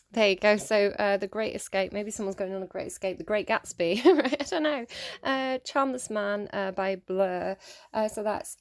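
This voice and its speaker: A woman giving a casual tarot reading to camera at home, rambling and chatty with lots of fillers and small laughs. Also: medium pitch. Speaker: tarot reader.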